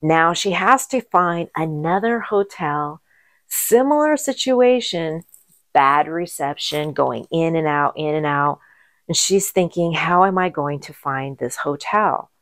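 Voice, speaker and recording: Middle-aged lady telling a story slow and kinda low, gets excited in bursts. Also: no echo. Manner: animated, exclaims with sudden high bursts. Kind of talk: casual spoken storytelling.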